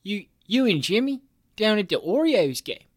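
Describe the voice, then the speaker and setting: A man voicing an excitable local man from Baltimore, doing a Baltimore accent in an exaggerated, drawling impression. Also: high-pitched, normal speed, no room sound, studio quality, voice pushed up. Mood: teasing.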